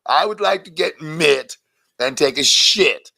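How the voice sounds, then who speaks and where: A man plays a foul-mouthed alien monster frontman: gravelly, brash, bursts into shouted rants, dry close sound. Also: fairly high pitch, lively intonation, unhurried, no room sound, heavily acted. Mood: mocking. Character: crude ranting male alien monster rock frontman. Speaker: singer in an interview clip.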